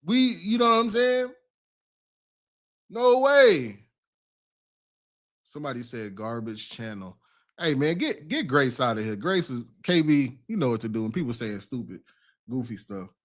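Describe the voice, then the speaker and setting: A man's voice: medium pitch, sing-song, measured pace, long pauses, a bit bright. A man giving casual reaction commentary, slangy, exclaiming and laughing as he reads out news.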